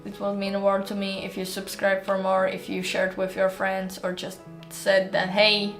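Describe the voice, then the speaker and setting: A woman's voice: mid-range voice, monotone, normal speed. Roomy woman narrating an audiobook. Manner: plain storytelling, chatty in outro. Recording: roomy with faint music.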